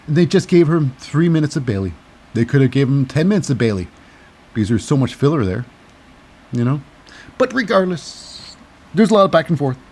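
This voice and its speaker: A man at a middle pitch talks through a wrestling recap in loose, casual commentary. He wanders off track, hunts for words with lots of "uh" and "you know", and adds cynical asides. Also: darkish tone. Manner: rambling, digressive, cynical, lots of fillers. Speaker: host.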